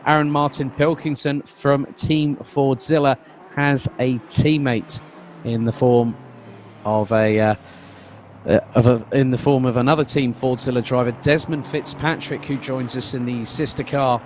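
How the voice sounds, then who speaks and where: A man's voice: mid-range voice, steady tone, a little slow, slight background noise. A man doing lead commentary on a sim race stream, chatty and loose, with fillers and restarts. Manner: conversational, fillers and restarts, reads out viewer comments.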